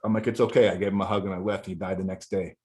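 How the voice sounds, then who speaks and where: A man's voice: low-pitched, level tone, racing, darkish tone. A middle-aged man talking as a podcast guest, telling a candid personal story in a rambling, profane way with many restarts.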